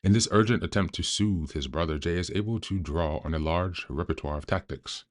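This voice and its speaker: A man hosting a self-help podcast, reading a book aloud in a calm, measured way. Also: low-pitched. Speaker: podcast host.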